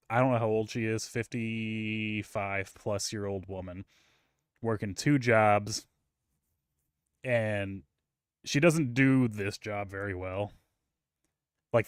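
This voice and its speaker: A man's voice: on the low side, clean tone, no room sound, studio quality. A man co-hosting a podcast, chatting casually and telling rambling, profane stories full of fillers. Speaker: podcast co-host. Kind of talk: casual chat.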